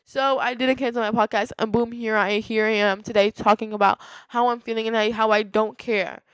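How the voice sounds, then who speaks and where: Smooth-voiced teenage girl podcasting. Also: a little high, steady tone, a little fast, dry recording. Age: late teens. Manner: rambling, many restarts and "like" fillers. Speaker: podcast host. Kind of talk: casual solo podcast storytelling.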